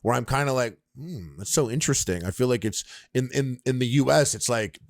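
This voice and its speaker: A man's voice: medium pitch, fairly quick, no room sound, clean studio sound. A man hosting a casual podcast, joking around and jumping into silly voices. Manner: animated joker, jumps into silly voices. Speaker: podcast host. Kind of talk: casual comedic chat.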